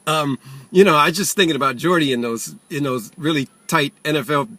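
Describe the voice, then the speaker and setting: A man's voice: on the high side, fairly quick, pushed and bright, no echo. An older retired man telling a rambling, self-mocking comic story. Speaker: retiree ranting. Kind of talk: comic monologue.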